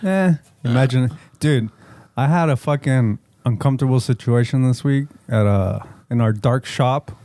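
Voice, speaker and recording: A man's voice: mid-range voice, normal speed, warm tone, no echo. A middle-aged man, co-hosting a podcast, telling a long story in a casual, profane, rambling way and slipping into Spanish. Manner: swears often, code-switches into Spanish, rambling storyteller. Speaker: podcast co-host.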